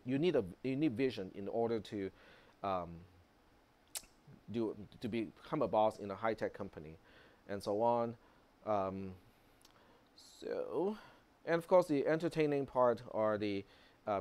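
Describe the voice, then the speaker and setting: A man's voice: mid-range voice, darkish tone. A man lecturing a college computer class in a casual, conversational way, full of fillers and checks like "okay?". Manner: conversational, many fillers and tag questions. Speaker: college instructor.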